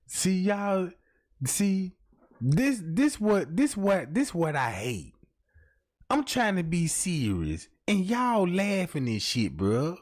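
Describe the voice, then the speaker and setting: A man's voice: high voice, slow pace. A man hosting a comedic livestream, talking to his chat in a swearing, slangy rant. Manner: animated, swearing, slangy, keeps asking the chat. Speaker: livestream host.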